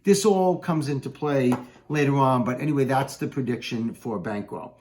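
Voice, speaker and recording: A man's voice: medium pitch, normal speed, a little mellow. A man teaching a play in a casual, explaining way, walking through its lines with plain paraphrase. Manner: conversational, explanatory, with uh fillers. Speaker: literature teacher.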